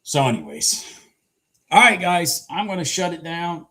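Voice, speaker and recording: A man doing live commentary on his day trades, hoarse and clearing his throat, cheering the chart on and swearing casually. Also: a little high, wildly swooping pitch, measured pace, a bit bright.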